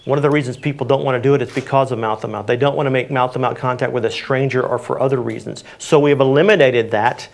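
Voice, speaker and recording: A man's voice: mid-range voice, steady tone, fast talker, gravelly, hardly any pauses. A man answering audience questions on CPR in a community panel, practical and plain-spoken with frequent fillers.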